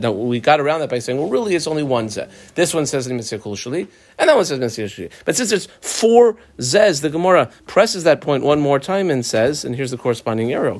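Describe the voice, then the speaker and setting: A man teaching a text line by line, explaining each phrase and briefly acting out the people in the case. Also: medium pitch. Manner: animated, acts out claimants' voices. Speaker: Talmud teacher. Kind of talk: line-by-line text study lesson.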